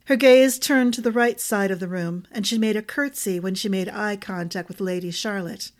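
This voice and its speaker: A woman narrating a fantasy story with a steady, expressive reading. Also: medium pitch, moderate pace. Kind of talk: audiobook narration.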